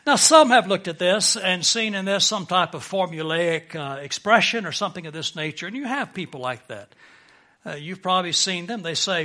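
A middle-aged man preaching a sermon in an earnest way, building emphasis and swelling louder on key points. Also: sits high, lively intonation, a little fast. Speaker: pastor.

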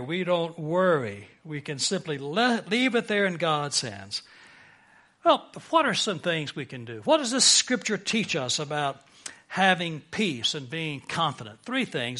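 A middle-aged man preaching a sermon in an earnest way, building emphasis and swelling louder on key points. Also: a little high. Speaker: pastor.

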